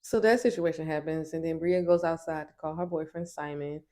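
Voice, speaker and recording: A woman's voice: low voice, steady tone, brisk, warm tone. Sassy woman recapping a show. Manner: sassy, emphatic. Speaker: TV show reviewer. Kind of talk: casual recap.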